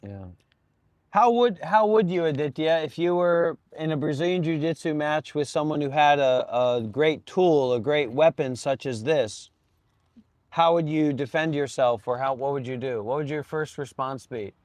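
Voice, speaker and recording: A man's voice: on the high side, moderate pace, a little mellow, dry recording. A man hosting a casual live stream, playful and teasing, with lots of exclamations. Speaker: livestream host.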